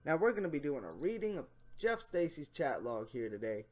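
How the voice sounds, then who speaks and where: A man's voice: on the high side, very animated, a little fast. A man streaming casual commentary, slangy and swearing freely.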